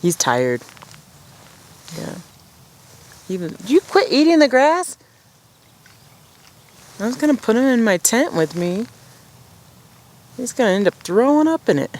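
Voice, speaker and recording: A woman's voice: a little high, big pitch swings, a little slow, long pauses, darkish tone. A woman chatting casually to the camera outdoors at a mountain campsite at dusk, rambling and laughing at herself. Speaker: outdoor vlogger.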